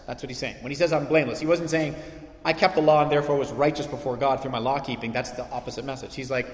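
A male pastor preaching a sermon, animated, acting out quoted voices with sarcasm. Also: mid-range voice, quick pace. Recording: echoey hall reverb.

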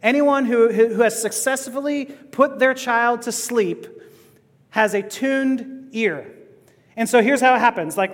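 A man's voice: high-pitched, a bit bright, long reverb tail. A man preaching a sermon as pastor, earnest and building to passionate emphasis.

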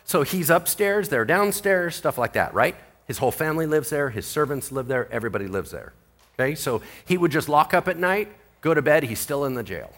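A male pastor delivers a sermon in an animated, conversational style packed with rhetorical questions. His voice runs on the high side, and he speaks briskly.

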